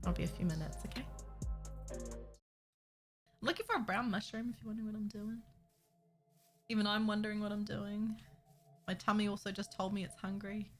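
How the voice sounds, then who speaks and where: A young woman streaming a building game, chatting casually with viewers, giggly and excitable and reacting loudly to surprises. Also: medium pitch, brisk, pauses often. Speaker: Minecraft streamer. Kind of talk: casual live-stream chat. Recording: faint music under the voice.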